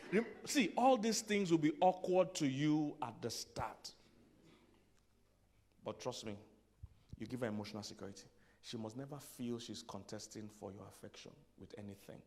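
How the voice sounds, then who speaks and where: A man's voice: medium pitch, a little mellow. A man, a pastor giving a humorous sermon to men, conversational, laughing at his own punchlines and dropping to near-whispers for asides. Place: church conference hall.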